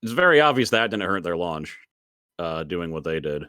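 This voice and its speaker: A man with a very low voice co-hosts a laid-back gaming podcast. He rambles through his thoughts with plenty of "um"s and laughs often. The sound is dry and close, with no room echo. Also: very animated, normal speed, bright, forceful tone, smooth. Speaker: podcast co-host. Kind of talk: casual chat.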